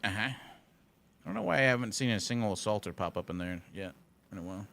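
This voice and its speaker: A man's voice: lowish voice, fast talker, gravelly, fairly bright tone. A man streaming a game live, chatting casually and answering his chat with dry, sarcastic banter. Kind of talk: casual gaming commentary.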